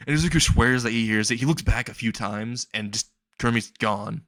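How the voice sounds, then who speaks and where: A man's voice: mid-range voice, a little fast, a bit bright, no room sound. A man narrating an improvised comedic fan story in a rambling way, laughing at his own jokes.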